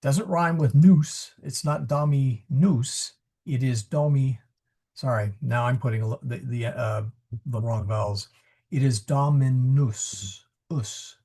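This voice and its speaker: A man with a dark, breathy, medium-pitched voice teaches Latin pronunciation at a measured pace during an online class held over video call. Chatty and self-correcting, he throws in a joking aside and takes questions.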